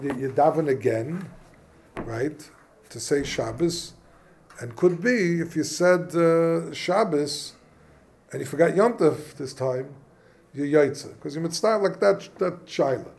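Speaking in a slightly high, gravelly yet somewhat mellow voice, a man teaches an informal Torah class over a faint hiss or hum. His casual Talmudic lesson is full of questions, mixing Hebrew and Yiddish terms with English in a yeshivish manner.

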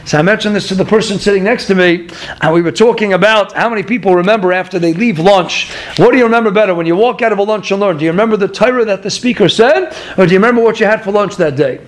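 A man teaching a Torah class, telling stories, asking his listeners rhetorical questions and chuckling through his digressions. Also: high voice. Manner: asks the audience rhetorical questions.

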